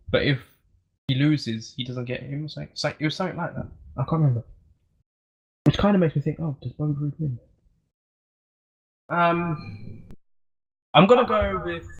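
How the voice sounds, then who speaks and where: A man's voice: fairly high pitch, slightly rough, low-quality recording. Hesitant young man, thinking aloud. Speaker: podcast co-host. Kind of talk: casual chat.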